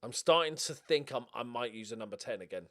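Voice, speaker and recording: Excitable man cheering a game. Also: mid-range voice, a little fast. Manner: excitable, swears, cheers at goals. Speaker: game streamer. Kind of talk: casual gaming commentary.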